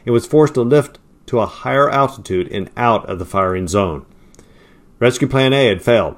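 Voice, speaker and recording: A man's voice: animated, moderate pace. Man narrating a war story. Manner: raises pitch and volume for quoted lines, drops low and quiet for tags. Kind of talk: storybook narration with dialogue read aloud.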